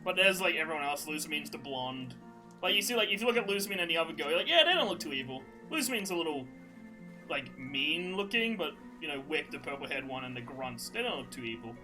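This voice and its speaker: A man's voice: a little high, sing-song, fast, music in the background, poor audio. A young man hosting a podcast, rambling through a profane, laughing story in casual chat. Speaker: podcast host.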